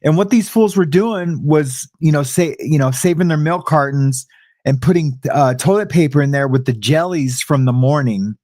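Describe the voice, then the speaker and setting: A laid-back man co-hosting a casual live talk show, his voice slightly high for a man and recorded dry and close. He chuckles often and raises his pitch to act out what others said. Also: moderate pace, darkish tone, no room sound. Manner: laid-back, laughing, acts out quoted voices.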